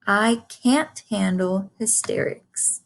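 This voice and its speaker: A woman voicing a calm female spider with a sweet, musical, brisk way of speaking, reading a storybook aloud. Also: medium pitch, vocal fry.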